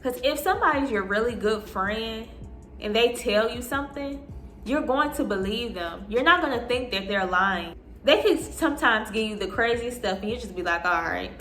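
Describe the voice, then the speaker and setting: A young woman in her twenties telling an animated storytime, acting out what people said. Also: fairly high pitch, normal speed. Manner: animated, acting out quotes in voices. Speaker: vlogger. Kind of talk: storytime vlog. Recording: echoey room with soft music. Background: soft background music.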